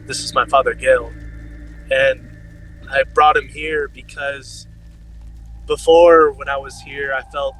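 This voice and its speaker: A man voices his character in a tabletop game, earnest and sincere. His tone is bright and tense, and his pitch barely moves. Faint music plays in the background. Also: rough recording. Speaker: player. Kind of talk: in-character roleplay.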